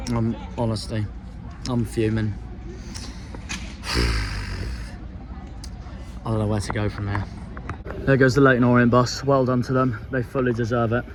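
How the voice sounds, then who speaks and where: A man's voice: medium pitch, fairly even intonation, normal speed, pauses often, background noise. A man, a football fan vlogger ranting outdoors by a marina, angry and despondent, with swearing. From South West England. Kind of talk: fan rant vlog.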